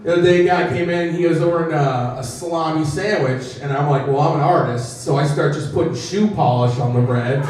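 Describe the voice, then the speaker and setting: A male stand-up comedian with a slightly high voice, talking in a self-deprecating way and slipping into characters as he acts out bits. The sound is very echoey and he is set back from the mic, like a live stage. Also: fairly quick, few pauses, darkish tone, recorded from a distance, slight background noise.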